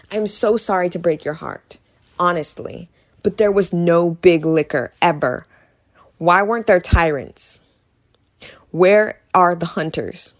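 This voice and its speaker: A woman giving a casual, sarcastic movie review, ranting and repeating herself for emphasis. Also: lowish voice.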